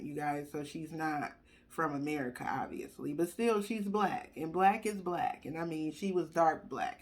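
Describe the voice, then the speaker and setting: A woman speaking candidly to her viewers in a casual personal story, animated and swinging between soft and loud. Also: lowish voice. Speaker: vlogger sharing her cancer journey.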